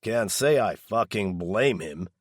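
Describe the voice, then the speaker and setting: A male narrator voicing a stocky, bullying middle-aged stepfather who shouts with snarling contempt. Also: fairly low pitch, animated, takes it slowly, breathy edge, dry recording, studio quality, heavily acted. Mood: furious.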